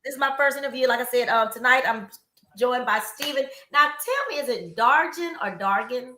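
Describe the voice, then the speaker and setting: Bright-voiced upbeat woman host. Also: a little high, animated, fairly quick, echoey room. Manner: upbeat, chatty, lots of fillers. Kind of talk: live online interview.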